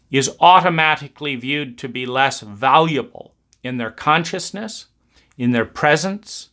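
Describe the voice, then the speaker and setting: A man giving a reflective talk, speaking in slow, emphatic, repetitive cadences. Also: on the high side, pushed and bright.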